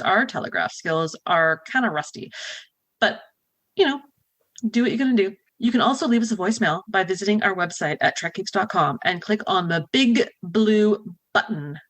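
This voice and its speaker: Woman co-host, playful and easygoing, bright voice, dry close mic. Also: mid-range voice, no room sound. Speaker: podcast co-host. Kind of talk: casual chat.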